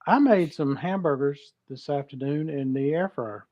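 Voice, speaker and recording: A man's voice: fairly high pitch, normal speed, highs cut off. A man co-hosting a cooking show, telling folksy stories in casual live-stream chat.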